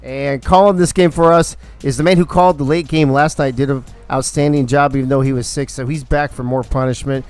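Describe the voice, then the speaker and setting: A man hosting a game league stream, introducing the commentators with excitable banter. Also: mid-range voice, a little fast, hardly any pauses, clear, resonant tone, soft background music. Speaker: league host.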